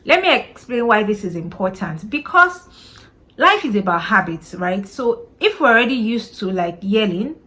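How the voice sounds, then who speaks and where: A woman's voice: mid-range voice, very animated, normal speed, sharp tone. A woman hosting a parenting podcast, talking casually and earnestly to listeners, often asking herself rhetorical questions and checking in with "you know" and "right?". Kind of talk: casual advice talk to camera.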